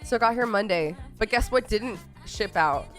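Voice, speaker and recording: A woman's voice: medium pitch, lively intonation, normal speed, fairly bright tone, faint music behind. A young woman from Texas who is sick with a cold, chatting casually on her livestream and telling a rambling story with exasperated asides. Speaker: streamer.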